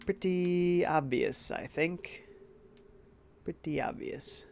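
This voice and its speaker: A man's voice: high-pitched, slow, vocal fry, a little hiss or hum. Stuffy-voiced man streaming a game. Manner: laid-back, reads chat aloud. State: congested from a cold. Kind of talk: casual gameplay commentary.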